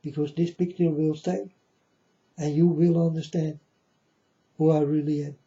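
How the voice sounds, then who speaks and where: A man giving a preachy monologue to his viewers, halting often and grandly addressing them as folks. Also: a little high, level tone, warm tone. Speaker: self-styled preacher vlogger. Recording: dull lo-fi recording.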